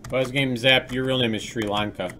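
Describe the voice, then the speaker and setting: A man's voice: mid-range voice, fairly even intonation, moderate pace, pushed and bright, a little hiss or hum. A man streaming his game development work live, chatting casually with viewers and laughing often.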